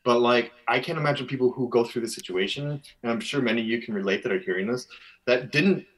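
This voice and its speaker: A man's voice: medium pitch, quick pace, rough recording. A man from Minnesota, a guest telling a long personal story in a casual interview, full of fillers and restarts. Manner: rambling, filler-heavy, earnest.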